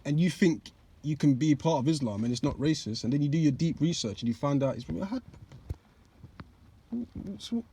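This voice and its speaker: Young guy reacting to a clip, swears a lot, voice jumps all over, bit husky and dry. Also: a little high, lively intonation, moderate pace, warm tone. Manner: blunt, swearing, slang-heavy, mocking. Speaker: reaction channel host. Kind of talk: casual reaction commentary.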